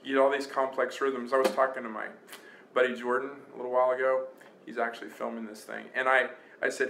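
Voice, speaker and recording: A man's voice: medium pitch, quick pace, a little hiss or hum. A man giving a casual guitar lesson, counting beats aloud as he plays along on his own guitar. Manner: relaxed, talks while playing, counts beats aloud. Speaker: guitar teacher. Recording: roomy sound with loud guitar. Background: his own guitar playing.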